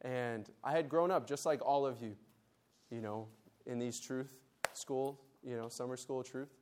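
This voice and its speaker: A man's voice: mid-range voice, fairly even intonation, measured pace, slight background noise. A man speaking at a conference meeting, giving a Bible lesson and leading the audience in call and response. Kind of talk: Bible lesson with group exercise.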